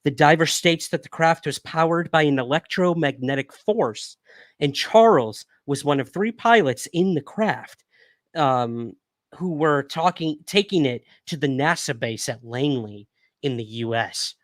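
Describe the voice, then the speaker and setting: On this echo-free recording, a young adult man with a highish, expressive voice speaks a little slowly. He's a livestream host, reading news stories aloud and talking casually with his audience, and the whiskey he's been drinking gives him occasional hiccups.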